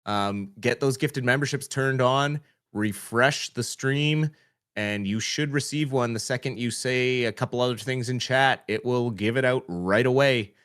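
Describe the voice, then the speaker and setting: A man giving color commentary and chat shout-outs on a fan hockey livestream, relaxed and halting with many fillers. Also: mid-range voice, smooth.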